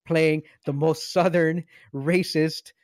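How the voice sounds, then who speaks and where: A man co-hosting a casual movie podcast, arguing his points in an animated, mock-serious way and laughing often. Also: on the high side, slow pace, no room sound, clean studio sound. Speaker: podcast co-host. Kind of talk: casual movie review chat.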